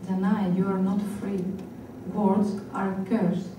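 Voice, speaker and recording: A woman performing a spoken-word piece on stage, speaking slowly and deliberately with long pauses. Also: mid-range voice, level tone, noisy background. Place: performance hall. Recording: very echoey hall, voice picked up from far off.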